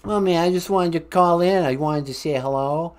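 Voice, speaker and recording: A woman's voice: fairly low pitch, normal speed, a little mellow, natural voice. A woman putting on a brash male explorer calling in to a podcast, with a Boston accent and a breezy, cocky manner. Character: brash male explorer caller, Christopher Columbus. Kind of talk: comedy call-in bit.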